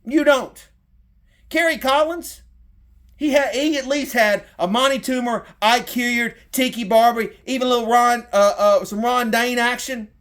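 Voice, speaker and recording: A middle-aged man with a Southern drawl and a very high voice rants about his team. He talks heated and profane, circling back on the same points. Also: moderate pace, fairly bright tone. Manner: heated, profane, repetitive rant. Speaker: sports fan content creator. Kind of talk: fired-up sports rant.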